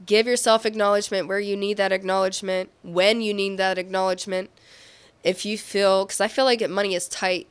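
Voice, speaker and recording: A young woman with a smooth, clear voice reads tarot for her viewers. She talks in an earnest, encouraging way and thinks aloud, often restarting a phrase before going on. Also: medium pitch, level tone, fairly quick. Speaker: tarot reader. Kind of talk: tarot reading monologue.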